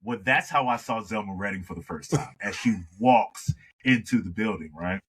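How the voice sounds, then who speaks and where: A man, a singer telling an animated story in a conversation and acting out the dialogue. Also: lowish voice, normal speed, rough recording. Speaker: singer, interview guest.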